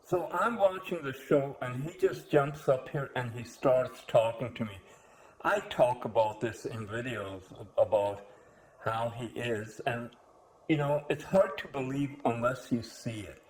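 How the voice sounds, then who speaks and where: A man talking gently and slowly to his pet, coaxing it and sometimes dropping to soft whispers. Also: medium pitch. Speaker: channel host. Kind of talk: casual talk to his pet.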